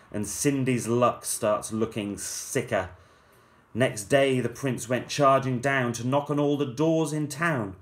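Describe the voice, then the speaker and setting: A male teacher reading a rhyming story aloud to children in a measured, playful storyteller's manner. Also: on the low side.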